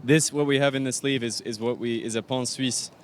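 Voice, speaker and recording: Pastry chef explaining outdoors. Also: male voice, mid-range voice, fairly even intonation, fairly quick. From Arizona, US. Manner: explanatory, detailed, with fillers. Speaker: pastry chef and bakery owner. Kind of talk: on-location interview. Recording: faint outdoor traffic noise.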